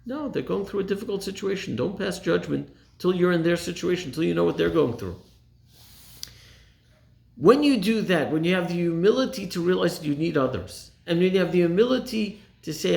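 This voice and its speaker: A man in his forties speaks as a rabbi with a rough, gravelly texture and a voice pitched a little high. He talks earnestly and stresses his points by repeating phrases. The sound is echoey, as if recorded in a reflective room. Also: animated, fast. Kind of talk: motivational talk to a congregation.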